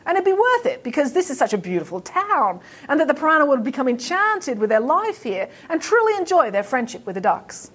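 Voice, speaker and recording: A woman with an Australian accent telling a story to children in a playful, animated way. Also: sits high, brisk, few pauses. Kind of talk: storytelling for kids.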